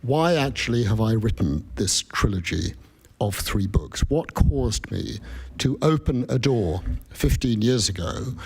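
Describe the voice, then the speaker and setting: A man from the United Kingdom giving a public lecture, measured and reflective, posing questions to himself. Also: medium pitch, vocal fry, darkish tone. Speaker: guest speaker. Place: event hall with an audience.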